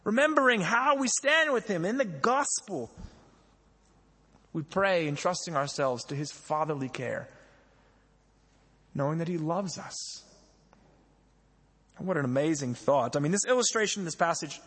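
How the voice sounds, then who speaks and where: A young male pastor preaches in an easy, conversational way and keeps turning questions back to his congregation. His voice sits high and has a breathy, husky edge. Each word trails off into the long reverb of a church hall. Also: lively intonation, measured pace, long pauses, fairly bright tone. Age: young adult. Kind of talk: sermon.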